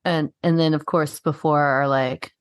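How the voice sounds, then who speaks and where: On a podcast she co-hosts, a woman chats casually and tells a story animatedly, swearing a lot and saying "like" constantly. Her voice is low, smooth, and measured, recorded cleanly in a studio with no room sound.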